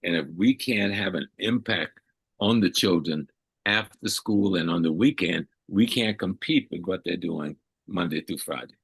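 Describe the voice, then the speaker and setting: Deep husky older man lecturing. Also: measured pace, dry recording. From South Carolina, USA. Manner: emphatic, repeats phrases for weight. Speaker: elder guest. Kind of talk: interview answer, lecturing.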